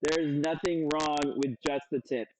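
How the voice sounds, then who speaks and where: A man's voice: fairly high pitch, fairly even intonation, normal speed, noisy background. Rowdy, profane man live-streaming his cooking. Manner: loud, profane, joking, reads chat aloud. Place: home kitchen. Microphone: streaming setup with several cameras.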